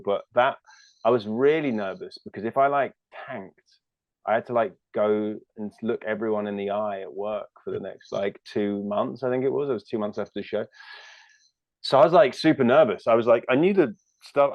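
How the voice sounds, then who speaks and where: A man's voice: medium pitch, normal speed, no room sound, dull audio. A British man in his thirties, a comedian chatting as an interview guest, rambling and self-deprecating with lots of fillers and restarts. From United Kingdom. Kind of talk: casual interview chat.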